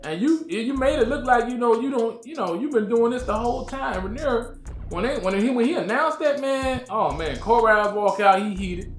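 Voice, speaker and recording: A man's voice: very high voice, expressive, moderate pace, echoey room, soft background music. A man hosting his own channel, giving a casual, slangy episode review and talking straight to his viewers.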